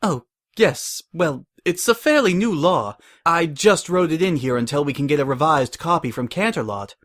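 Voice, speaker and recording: A man's voice: a little high, animated, moderate pace, a bit bright, pitched above the performer's own voice. A man voicing a sly, giggly mare pony mayor who fakes sympathy.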